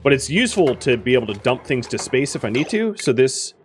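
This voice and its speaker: A man's voice: mid-range voice, big pitch swings, fairly quick, soft background music. Rambling man narrating his game. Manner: rambling and self-correcting, with frequent fillers. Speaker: gaming streamer. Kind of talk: casual let's-play commentary.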